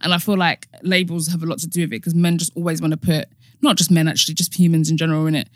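A young woman with a fairly low voice chats on a podcast, agreeing often and rambling as she thinks aloud. The recording is dry and close. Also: little pitch movement, rapid-fire, dry recording. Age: young adult. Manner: agreeable, frequent yeahs, rambling. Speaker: podcast co-host. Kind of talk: casual chat.

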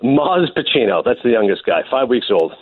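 A man calling in as a guest, chatting casually and telling stories with animated energy. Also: medium pitch, dry recording. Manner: fast, animated storytelling with quick laughs. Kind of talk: casual chat. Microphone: phone call. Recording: tinny phone line.

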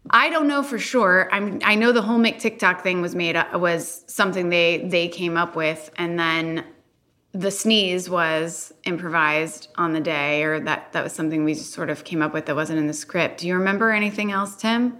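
Bright-voiced woman, chatty podcast co-host. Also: on the low side. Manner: giggly, chatty, reads fan questions. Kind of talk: casual rewatch podcast chat.

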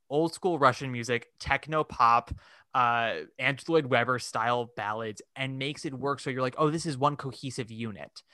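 A man co-hosting a casual podcast chat. He is animated and fills his talk with "like", acting out quoted reactions. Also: medium pitch, clean tone, no echo, studio quality. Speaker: podcast co-host. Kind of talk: casual chat about musical theatre.

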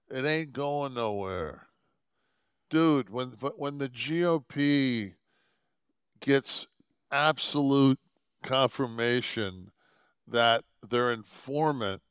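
A man co-hosting a podcast into a studio mic, with a deep voice, rambling and cursing often as he chats casually. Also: a bit bright, clear, resonant tone, no echo. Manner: rambling, swears often, restarts a lot. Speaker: podcast co-host. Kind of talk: casual profane chat. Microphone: podcast microphone.

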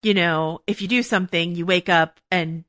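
Woman podcast host, bright voice, low-ish pitch, dry close mic, rambling casual chat. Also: steady tone, moderate pace, no echo. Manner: rambling, thinking aloud with many restarts.

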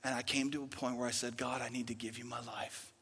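A young male pastor preaching a sermon, swinging dramatically between loud outbursts and hushed whispers. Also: medium pitch, flat delivery, fast talker, breathy edge. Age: young adult. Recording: reverberant hall.

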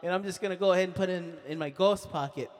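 A man's voice: high voice, fast, close to an everyday voice. A man voicing a goofy, lovestruck male ghost who talks in a folksy drawl full of "oh yeah" and "you betcha" for a comedy podcast. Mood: cheerful. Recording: echoey long reverb.

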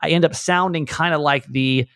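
A man's voice: on the high side, normal speed, a bit bright, no echo, clean studio sound. A man hosting a podcast, talking with a light Southern American accent in a rambling, self-interrupting way, often chuckling. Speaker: podcast host. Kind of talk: casual podcast chat.

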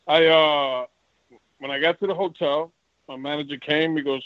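Bright-voiced man telling fight stories. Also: fairly high pitch, moderate pace, no echo, highs cut off. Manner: animated, acts out quoted exchanges. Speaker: retired boxer, guest. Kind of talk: casual storytelling interview.

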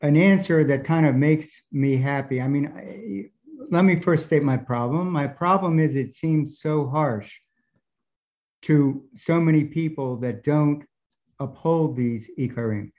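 A man's voice: fairly high pitch, a little slow, a little mellow. A male student in a religious study class, thinking aloud as he raises a question and proposes his own answer. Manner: thoughtful, reasoning aloud.

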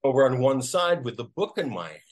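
A man, an actor, telling a story casually in an interview, animated and acting out the voices of people he quotes. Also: medium pitch, brisk. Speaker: actor guest.

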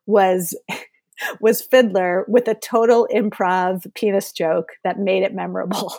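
A woman's voice: mid-range voice, steady tone, takes it slowly, darkish tone, no room sound. A woman hosting a casual conversation, playful and teasing, laughing often.

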